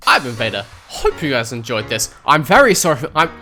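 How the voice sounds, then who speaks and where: A man narrating his game playthrough with playful, sarcastic asides to his viewers. His voice is bright and clear, and his pitch jumps around animatedly. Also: very animated, brisk. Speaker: gaming video host. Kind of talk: let's play commentary.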